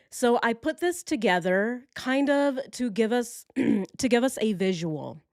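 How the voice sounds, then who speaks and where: A woman's voice: lowish voice, dry recording, clean studio sound. Chatty woman hosting a live stream. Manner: chatty and animated, quick asides and self-correcting. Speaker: true crime live-stream host. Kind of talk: casual chat to a live audience. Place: at home. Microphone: phone.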